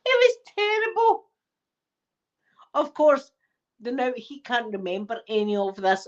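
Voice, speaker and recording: A woman's voice: a little high, measured pace. Brief: Scottish woman, emphatic storyteller chatting to viewers, dull lo-fi mic. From Scotland. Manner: animated, emphatic, repeats herself. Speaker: channel host. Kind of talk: casual storytelling to a live chat.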